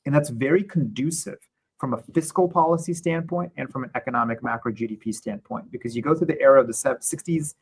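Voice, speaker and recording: A man speaking as an interview guest, explaining economics in a measured, conversational way with occasional restarts. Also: mid-range voice, slightly rough, low-quality recording.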